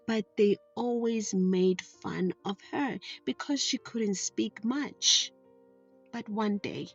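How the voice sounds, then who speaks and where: A woman's voice: medium pitch, breathy edge, muffled recording. A woman telling a story to young children in an affectionate way, often checking that they are listening.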